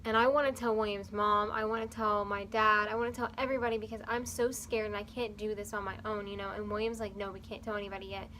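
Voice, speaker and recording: A woman's voice: medium pitch, flat delivery, fast, hardly any pauses, sharp tone, a little hiss or hum, low-quality recording. A young woman vlogger earnestly telling a personal story, rambling along with fillers.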